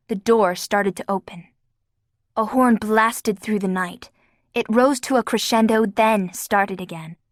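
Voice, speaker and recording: A woman's voice: medium pitch, no room sound, clean studio sound. A woman narrating an audiobook with a vivid, dramatic reading. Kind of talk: scripted narration.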